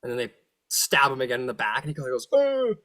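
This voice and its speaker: Man, game master, animated, playful, tabletop narration. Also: medium pitch, fast. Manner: animated, laughing, jumps into silly voices.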